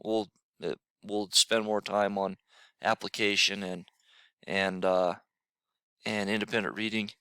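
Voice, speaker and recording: A man's voice: lowish voice, flat delivery, unhurried, pauses often, bright, forceful tone, clean tone, no echo. A male middle school teacher recording a casual, filler-heavy lesson for his students, tired in the morning. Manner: casual, repeats himself, many fillers. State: tired, yawning.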